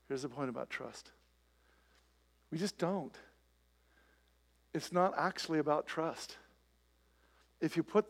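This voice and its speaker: A man's voice: a little high, creaky, husky. A man preaching a sermon to a live congregation, talking conversationally and asking many rhetorical questions. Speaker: pastor. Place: church, before a live congregation.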